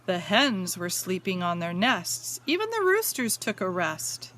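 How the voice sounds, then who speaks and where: A woman's voice: fairly low pitch, very animated, a bit bright, slight background noise. A woman teacher reading a picture book aloud to young students, stopping to point at pictures and ask the children questions. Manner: slow, sing-song, asks the children questions.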